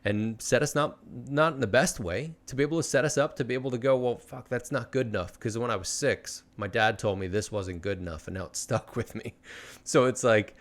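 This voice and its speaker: A man's voice: mid-range voice, brisk. A man in his thirties hosting a podcast interview, talking in a loose, rambling way with frequent swearing. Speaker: podcast host. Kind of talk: casual conversational interview.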